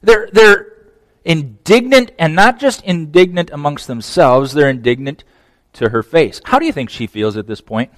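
A man preaching a conversational sermon, swinging from emphatic to hushed. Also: on the high side, lively intonation, normal speed, no room sound, long reverb tail. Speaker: pastor.

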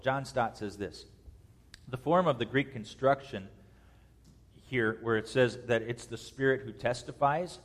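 A man preaching an expository sermon, swinging between soft, slow stretches and loud, rising bursts. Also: mid-range voice. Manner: preaches with dynamic swings in loudness and pace. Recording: long hall reverb.

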